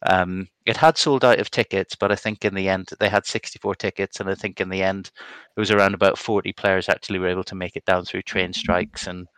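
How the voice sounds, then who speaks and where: A man's voice: sits low, fairly even intonation, a little fast, hardly any pauses, fairly bright tone, clear, resonant tone, no echo. A man hosting a casual podcast chat, chatty and hesitant, laughing often. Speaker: podcast host.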